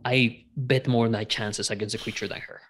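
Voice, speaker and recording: A man's voice: mid-range voice, fairly even intonation, moderate pace, fairly bright tone. A man with a middling voice chats hesitantly as a player in a tabletop game. He stammers and restarts his thoughts, and faint background hiss sits under his voice. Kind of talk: casual chat in a tabletop game.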